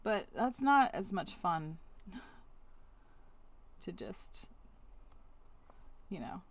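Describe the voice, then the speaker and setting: Speaking extremely slowly in a husky, animated medium-pitched voice, this woman streamer talks to herself in casual chat as she works through a task. She scolds the objects on her screen, then says sorry to them, all picked up by a webcam mic.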